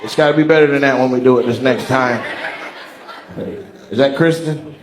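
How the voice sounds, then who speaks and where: A man's voice: medium pitch, normal speed, noisy background. A male stand-up comedian doing crowd work on stage, brash, profane and teasing. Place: large comedy venue on stage.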